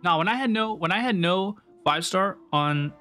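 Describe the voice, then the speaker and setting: Young male streamer, high voice, rambling casual chat, faint game music behind. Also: animated, normal speed, bright, forceful tone. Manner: rambling, chatty, repeats himself. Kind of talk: casual live game commentary.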